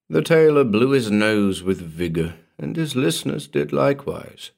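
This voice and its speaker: A man reading a vintage horror tale aloud as a podcast narrator, measured and dramatic. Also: mid-range voice, lively intonation, vocal fry, darkish tone. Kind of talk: scripted horror story narration.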